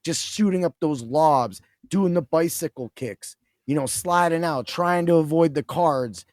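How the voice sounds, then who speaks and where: Man, excitable, rambling, slightly high voice, dry sound. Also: unhurried, dry recording. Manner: excitable, rambling, with laughs and restarts. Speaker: podcast guest. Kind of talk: casual chat.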